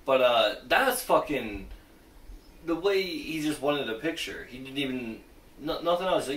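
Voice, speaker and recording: A man hosting a reaction video, talking excitedly and casually with lots of fillers and swearing. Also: mid-range voice, a little slow, reverberant, far from the mic, poor audio.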